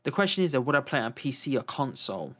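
A man's voice: medium pitch, big pitch swings, fast talker, a bit bright. A man co-hosting a podcast in casual chat, enthusiastic and rambling, often correcting himself mid-sentence. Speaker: podcast co-host. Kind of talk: casual chat about video games.

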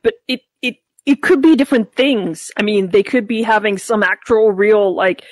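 A woman's voice: medium pitch, normal speed, dry recording. A woman playing a tabletop game, talking casually with lots of stammering restarts.

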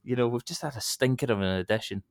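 A man's voice: mid-range voice, fast, no room sound, clean studio sound. A man hosting a podcast, chatty and cheeky, teasing his guest with crude slang and banter. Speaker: podcast host. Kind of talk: casual interview chat.

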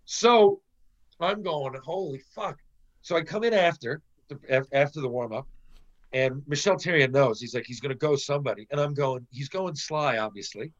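A slightly high male voice at an ordinary pace, with the upper frequencies missing. He's a middle-aged Canadian, formerly a pro hockey player, animatedly telling a swear-heavy anecdote and performing the dialogue.

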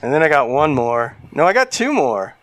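A man's voice: mid-range voice, very animated, fairly bright tone. A man co-hosting a podcast, trading crude jokes in casual comedic banter and laughing easily. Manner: crude joking, quick laughs. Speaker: podcast co-host.

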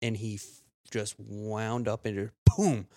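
A man in his thirties, a podcast co-host, telling rambling stories in casual chat, swearing often and jumping up in pitch when he quotes someone. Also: flat delivery, a little slow, darkish tone, dry recording.

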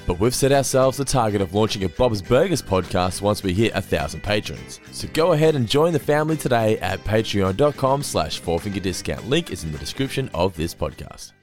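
A man's voice: fairly low pitch, darkish tone. A man hosting a podcast, casually recapping an episode with laughs and the odd swear. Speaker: podcast host.

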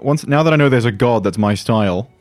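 A man's voice: mid-range voice, animated, quick pace, darkish tone, no echo, faint music behind. A man playing a tabletop game, speaking in a matter-of-fact way. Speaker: player. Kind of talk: casual tabletop play.

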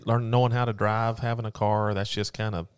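A man's voice: on the low side, level tone, brisk, clean tone. A man co-hosting a podcast in an easygoing chat. He asks a lot of questions and makes wry asides about the way people talk. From American South. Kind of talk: casual chat.

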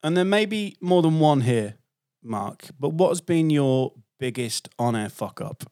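A man's voice: fairly high pitch, animated, a little slow, dark tone, smooth. A man hosting a podcast interview, chatting casually with a friendly teasing manner and frequent restarts. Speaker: podcast host.

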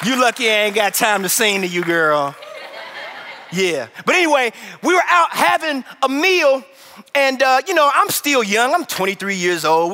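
A pastor from Chicago preaching a sermon, telling stories in an animated way and acting out voices. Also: male voice, very high voice. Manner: animated storytelling, acts out voices. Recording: long hall reverb.

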